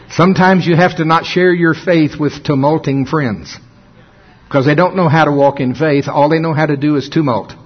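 Husky preacher, lo-fi sound. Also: male voice, a little high, steady tone. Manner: folksy, laughs often, drawls into dramatic slow emphasis. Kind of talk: sermon. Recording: dull lo-fi sound.

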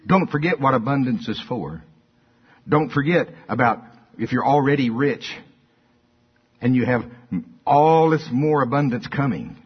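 A man's voice: medium pitch, animated, normal speed, long pauses, slightly rough. An older man preaching a sermon in a folksy, conversational way. He repeats his points and draws call-and-response from the congregation. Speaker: pastor. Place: church. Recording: dull lo-fi sermon recording.

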